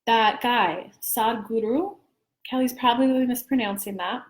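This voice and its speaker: A woman's voice: fairly high pitch, moderate pace, close to an everyday voice. A woman voicing collective spirit guides in a channeled teaching, who speak of her in the third person and explain things.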